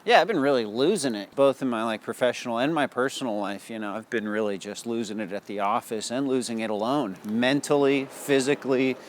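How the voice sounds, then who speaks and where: A man delivering a deadpan comedy monologue in a calm confessional tone, recorded outdoors in a city. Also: mid-range voice, fairly quick, hardly any pauses, slight background noise. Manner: deadpan, calm confessional tone, bursts of shouting in quoted lines.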